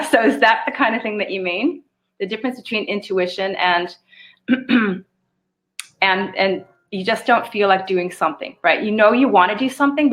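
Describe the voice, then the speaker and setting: Animated woman host coaching viewers. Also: medium pitch. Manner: animated, swears casually, laughs often, acts out inner voices. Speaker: spiritual live show host. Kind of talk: casual spiritual coaching, answering viewer questions.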